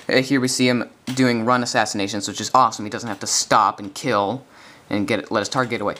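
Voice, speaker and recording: Young male gameplay commentator, bright and eager, rambling, faint hiss under a home mic. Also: mid-range voice, a little fast. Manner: excited, rambling, with self-corrections. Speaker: gaming video commentator.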